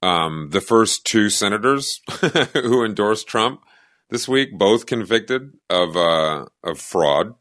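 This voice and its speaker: A man's voice: fairly low pitch, animated, slow pace, fairly bright tone, dry recording, clean studio sound. A man co-hosting a podcast, chatting loosely about political news and joking and laughing along. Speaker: podcast co-host. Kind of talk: casual political chat.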